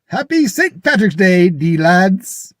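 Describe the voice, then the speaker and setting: A man voicing a jolly male pitchman in a comic promo ad, in sing-song, rhyming sales patter. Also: very animated, slow pace, a bit bright, no room sound, clean studio sound, full character voice. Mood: hammy. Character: jolly Irish-brogue male shirt pitchman.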